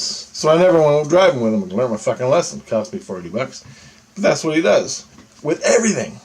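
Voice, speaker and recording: A man's voice: on the high side, animated, brisk. Rambling, foul-mouthed man telling a dream. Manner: heavy cursing, rambling, repeats "right?" and "okay?". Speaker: vlogger. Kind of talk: casual monologue recounting a dream.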